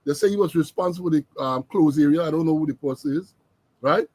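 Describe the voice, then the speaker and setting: Man, high voice, dry close sound, emphatic political host with lots of ums. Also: quick pace, darkish tone, no room sound. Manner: emphatic, repeats words, many fillers. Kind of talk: political commentary.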